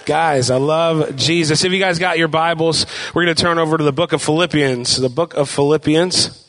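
A man's voice: fairly high pitch, moderate pace, a bit bright. A young man preaching a casual sermon, chatty and joking, asking the congregation questions. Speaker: pastor. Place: church hall with long reverb. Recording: reverberant church hall.

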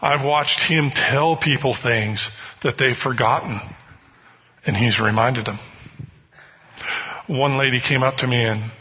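Husky male preacher, sermon storytelling, long hall reverb, muffled sound. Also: medium pitch. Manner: storytelling, conversational, often asks "you know what?". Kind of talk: sermon with personal stories.

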